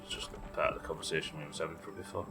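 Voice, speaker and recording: A man's voice: very deep voice, steady tone, rapid-fire, pushed and bright, soft background music. A man with a New Zealand accent streaming a video game live, thinking aloud, swearing casually and answering chat. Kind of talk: live gameplay commentary.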